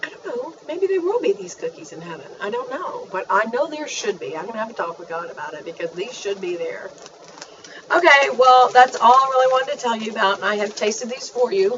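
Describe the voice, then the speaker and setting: A woman's voice: a little high, lively intonation, fairly quick, fairly bright tone, distant mic, slight background noise. Gushing, chatty woman vlogger. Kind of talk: casual chat. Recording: dull, faint, off-mic home recording.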